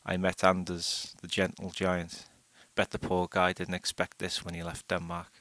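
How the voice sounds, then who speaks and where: A man reading a first-person short story aloud in a steady, unhurried way. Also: deep voice, no room sound. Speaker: audiobook narrator.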